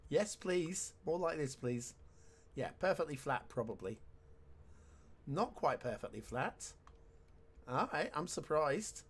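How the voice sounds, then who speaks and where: A man's voice: a little high, lively intonation, slow, pauses often, breathy edge. A man giving casual let's-play commentary, chatty and wry with sarcastic asides. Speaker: game commentator.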